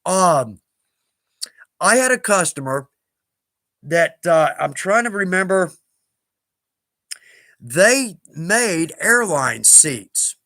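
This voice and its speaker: A man's voice: sits high, big pitch swings, very slow, pauses often, pushed and bright, dry recording. A man with a Southern US accent hosting a live stream, chatting casually and rambling a little as he answers viewer questions with self-deprecating asides.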